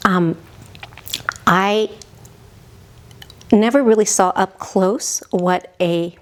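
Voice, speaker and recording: A woman in her sixties, a podcast guest, telling her own story in a halting, heartfelt way that often drops toward a whisper. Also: medium pitch. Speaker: podcast guest, mother of the hosts. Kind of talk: reflective personal storytelling.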